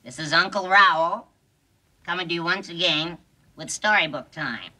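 A man's voice: fairly high pitch, moderate pace, noisy background, natural voice. A man in a 1950s film comedy putting on a syrupy male children's TV storyteller with a sugary, cooing manner.

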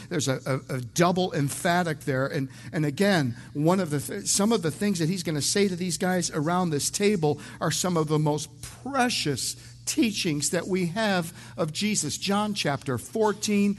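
A man preaches through a passage in a casual, talk-it-through way, with a fairly high voice for a man. He stumbles over the first words of many sentences and drops in the odd joke. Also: normal speed. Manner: conversational, repeats words when starting sentences, mixes in jokes. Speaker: pastor. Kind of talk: verse-by-verse sermon.

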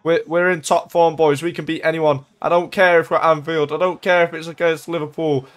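Excitable young man, gaming commentary. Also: on the high side, brisk. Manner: excitable, chatty, bursts of shouting at chances. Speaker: gaming YouTuber. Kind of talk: casual gameplay commentary.

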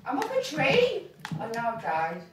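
Excitable English woman cheering over game music. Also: fairly high pitch, measured pace. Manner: excitable, cheering, lively exclamations. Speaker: parent playing a video game with her child. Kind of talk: casual gaming chat. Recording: roomy room with game music.

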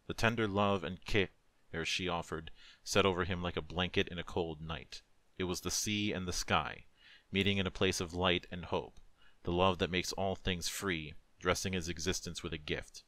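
A man who is a streamer reads a dark fantasy story aloud with a solemn, emotive, measured delivery into a close microphone. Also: deep voice, fairly even intonation, dry recording. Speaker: narrator, streamer. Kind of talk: dramatic story reading.

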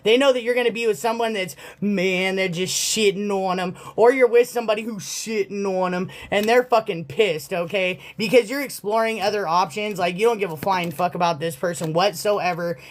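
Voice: medium pitch, moderate pace, few pauses. Blunt, foul-mouthed tarot reader. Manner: blunt, profane, sassy. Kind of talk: casual tarot reading monologue.

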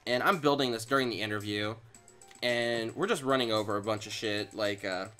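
A man's voice: lowish voice, brisk, pushed and bright, faint music behind. A young man co-hosting a casual gaming chat, telling a story with teasing asides and laughter. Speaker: co-host.

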